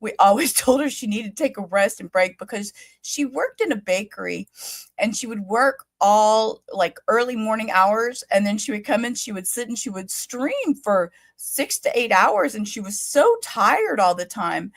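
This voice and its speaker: A motherly woman co-hosting a livestream, chatty and emotional, her throat catching so she keeps clearing it. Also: medium pitch, animated, moderate pace, dry recording, low-quality recording. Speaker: livestream co-host. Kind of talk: casual livestream chat.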